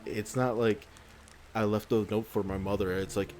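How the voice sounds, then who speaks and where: Male let's-play host, lowish voice, rambling, cursing rant, light music underneath. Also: steady tone, normal speed, darkish tone. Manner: exasperated, swears often, rambling. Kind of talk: gameplay commentary, ranting.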